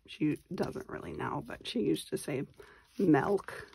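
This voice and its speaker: A woman in her forties from Wisconsin, USA, hosts a laid-back papercraft tutorial, chatting and muttering to herself as she works. Her voice is low, creaky, husky, and a little mellow, with huge pitch swings at a moderate pace.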